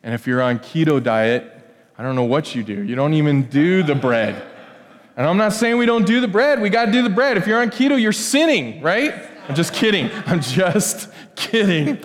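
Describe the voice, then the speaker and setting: A man's voice: a little high, a little fast. A man pastor preaching a casual, joking sermon full of restarts and asides. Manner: conversational, joking, animated with many restarts. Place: church sanctuary. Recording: church hall with long reverb.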